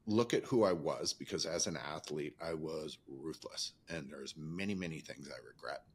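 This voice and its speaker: A man in his fifties hosts a podcast in a very deep, gravelly, husky voice at a normal speed. The talk is casual and reflective as he rambles candidly through his own life story.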